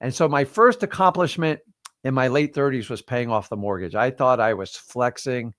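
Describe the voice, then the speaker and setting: A man's voice: mid-range voice, normal speed, fairly bright tone, no room sound, clean studio sound. A man in his fifties hosting a livestream, giving casual motivational talk and addressing listeners directly in a preachy way. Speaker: livestream host.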